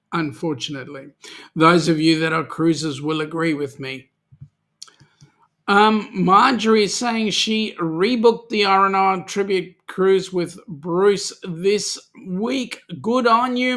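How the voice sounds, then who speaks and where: A man's voice: high-pitched, a bit bright. An Australian man hosting a live chat show, reading out viewer comments and joking around with many ums. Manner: chatty, jokey, many ums. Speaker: host.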